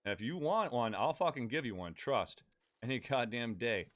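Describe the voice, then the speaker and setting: A man's voice: mid-range voice, very animated, moderate pace, fairly bright tone. Blunt, foul-mouthed male streamer. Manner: blunt, heavy swearing. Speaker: gaming live streamer. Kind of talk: casual live-stream chat.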